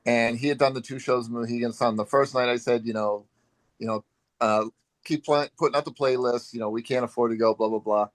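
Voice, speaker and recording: A man's voice: medium pitch, a little fast, dry recording, poor audio. A man chatting on a video call, telling a long fan anecdote in an easygoing way with frequent "um" and "uh". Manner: relaxed storyteller with frequent "um" and "uh". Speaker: longtime fan, group member. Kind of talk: casual video chat storytelling.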